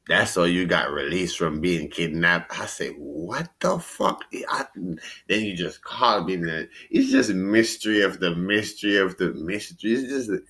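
A man with a New York accent hosting a casual podcast chat. He laughs often, swears freely and retells stories in an animated way. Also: low voice. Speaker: podcast host.

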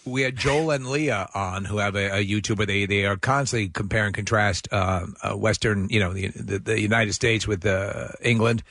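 A man's voice: fairly low pitch, fairly even intonation, normal speed, creaky, hardly any pauses, fairly bright tone, no echo, studio quality. A man co-hosting a radio show, speaking enthusiastically and appreciatively. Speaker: radio co-host. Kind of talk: casual morning-show chat.

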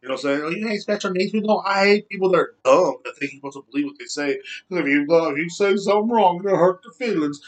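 A man's voice: on the high side, quick pace, hardly any pauses. A man in his thirties hosting a podcast, ranting heatedly and rambling, swearing often. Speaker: podcast host. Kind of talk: casual rant.

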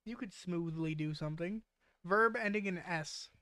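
Woman podcast host, casual and joking, slightly low voice, dry sound. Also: moderate pace, a bit bright, no echo. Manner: joking, swears freely, laughs while reading. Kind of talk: casual chat.

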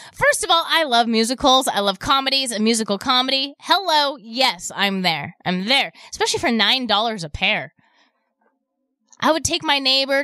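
A woman hosts a radio shopping show, repeating prices and taking calls in upbeat sales patter. Her voice is very bright and a little high. It is recorded dry and close on a studio mic. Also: no echo. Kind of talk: radio sales pitch and call-in chat.

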